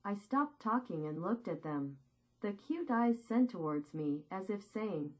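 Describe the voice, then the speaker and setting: Slow, solemn woman narrator. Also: mid-range voice, expressive, darkish tone, poor audio. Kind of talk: scripted first-person war memoir narration.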